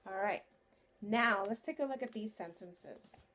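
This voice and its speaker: Slow, clear-spoken woman teaching children. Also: mid-range voice, fairly bright tone. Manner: slow, clear and encouraging, stretches key words. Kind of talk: online phonics lesson for young children.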